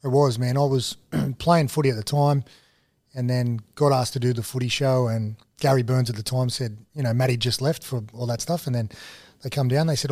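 An Australian man in a relaxed podcast chat, telling stories with plenty of energy and slipping into other people's voices as he goes. His voice sits at a middle pitch, recorded dry and close with no room sound. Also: a little fast, dry recording. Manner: animated storyteller, mimics others in dialogue. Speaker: guest. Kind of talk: casual storytelling interview.

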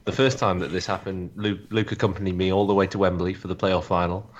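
Brief: male host, low voice, rapid wry rambling football talk. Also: fairly even intonation, dull audio. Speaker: podcast co-host. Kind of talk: casual football podcast chat.

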